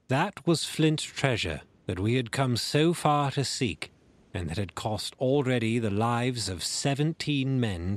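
A man narrating a classic adventure novel in a measured, expressive reading. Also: mid-range voice, no room sound. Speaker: audiobook narrator. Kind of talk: storybook reading.

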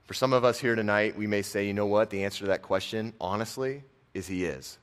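Man, lowish voice, relaxed sermon, chatty fillers, hushed emphasis. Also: fairly quick. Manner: casual and conversational, many fillers, drops soft on key lines. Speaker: preacher and football coach.

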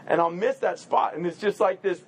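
A man pastor giving a casual, joking sermon, full of quick asides and rhetorical "right?" questions. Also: high voice, breathy edge.

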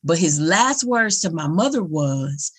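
A woman's voice: deep voice, big pitch swings, measured pace, husky. A middle-aged woman hosting a podcast interview, talking in an earnest, encouraging way and telling a family story. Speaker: podcast host. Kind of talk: casual interview conversation.

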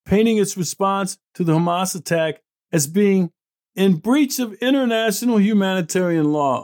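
A man's voice: sits high, moderate pace, darkish tone. Blunt, indignant male commentary host. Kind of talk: opinion commentary.

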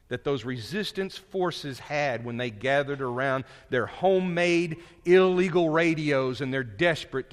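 A male preacher giving a sermon, moving between quiet, low asides and raised, emphatic points. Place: church sanctuary. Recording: long reverb of a large hall.

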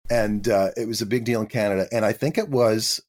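A man in his fifties with a fairly low voice tells stories from his acting career as an interview guest. He is chatty and self-deprecating, often slipping into quick voices as he quotes people. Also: a little mellow. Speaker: guest actor. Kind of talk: casual interview storytelling.

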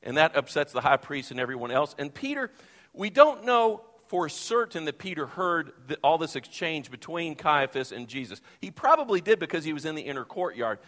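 Bright-voiced preacher in echoing church. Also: male voice, a little high, moderate pace. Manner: expressive preaching, acting out Bible quotes. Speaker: pastor. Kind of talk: sermon. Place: church sanctuary. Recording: long reverb of a church hall.

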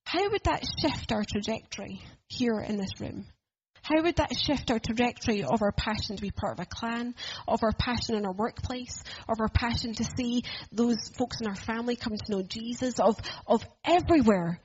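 A woman's voice: on the high side, normal speed, a little mellow, husky, highs cut off. A woman preaching a sermon in a church, earnest and conversational, asking the room questions.

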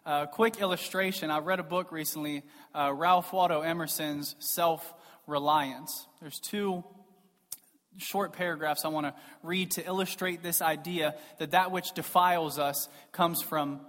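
A man preaching a sermon in a church, emphatic and rhetorical, swinging between loud stresses and soft asides. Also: fairly high pitch, steady tone, measured pace. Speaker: pastor. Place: church sanctuary. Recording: long reverb of a large hall.

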